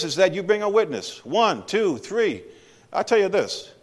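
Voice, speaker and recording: A man preaching a sermon in a church, speaking conversationally and emphatically and putting questions to the congregation. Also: high-pitched. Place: church sanctuary. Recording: long hall reverb.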